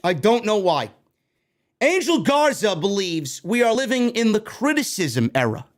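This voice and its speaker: A man from New York runs a wrestling news show in a heated, profane rant. His voice sits high and leaps up and down with lively pitch swings. He swears freely and keeps the energy up. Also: a little slow. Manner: animated, heated, heavy swearing. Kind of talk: profane ranting commentary.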